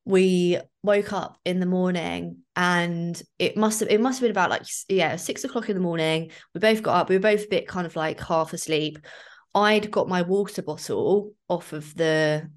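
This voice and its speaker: Low-voiced woman, chatty host. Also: normal speed. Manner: chatty, storytelling with many fillers. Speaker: podcast host. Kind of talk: casual chat.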